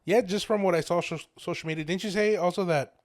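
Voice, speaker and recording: A man's voice: sits high, quick pace, dry recording, clean studio sound. A man co-hosting a podcast in casual chat, asking questions and prompting the story. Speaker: podcast co-host.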